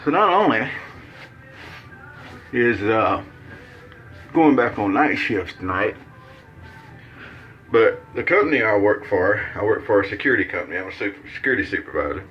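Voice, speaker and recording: A man's voice: lowish voice, very animated, moderate pace, long pauses, lo-fi sound, soft background music. A man from Mississippi with a Southern accent, chatting in a folksy, rambling, joking way while demonstrating a shave. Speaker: shaving vlogger. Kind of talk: casual shaving demonstration.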